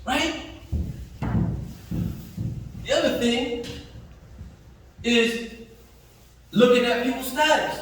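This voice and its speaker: A man's voice: very high-pitched, lively intonation, slow pace, long pauses, a bit bright, a little hiss or hum. A man giving a Friday sermon in a mosque, emphatic and slangy, stopping to act out everyday voices. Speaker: Friday prayer preacher. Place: mosque hall. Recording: echoey hall, voice from far off.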